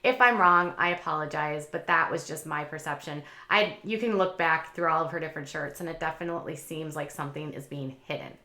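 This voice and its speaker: A woman's voice: low voice, fairly quick, hardly any pauses, bright, forceful tone, roomy sound. A woman hosting a casual commentary channel, talking in a chatty, opinionated way with lots of fillers.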